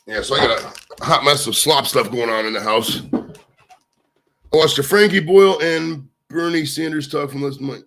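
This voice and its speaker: A man's voice: medium pitch, normal speed, a bit bright, a little hiss or hum. A man hosting a livestream from home, rambling casually and swearing freely as he gives blunt opinions. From United States. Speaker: livestream host. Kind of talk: casual rambling stream chat. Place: his home.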